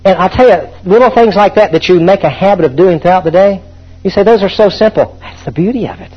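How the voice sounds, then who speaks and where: A man's voice: sits high, quick pace, slightly rough, dull audio. A man preaching a sermon in a fervent way, calling out to his congregation.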